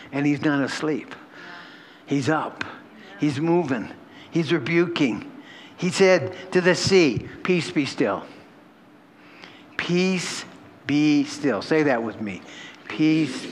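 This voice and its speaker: Animated male preacher, slightly high voice. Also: a little hiss or hum. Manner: conversational and emotional, with frequent laughs and repeated phrases. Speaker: pastor. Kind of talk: sermon. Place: church hall with a congregation.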